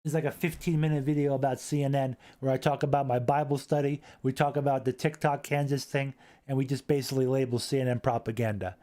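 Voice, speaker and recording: A man hosting a casual live stream, rambling, repeating himself and reading chat aloud into a boom-arm desk mic. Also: little pitch movement, fast, dark tone.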